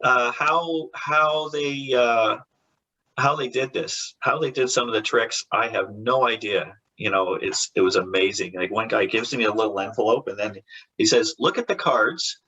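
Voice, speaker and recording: Comic artist guy in an interview, kinda husky voice, rambly stories full of restarts, does little voices for people in them. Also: on the low side, steady tone, normal speed, sharp tone, low-quality recording. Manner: rambling anecdotes with lots of restarts and laughter. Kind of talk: casual interview storytelling.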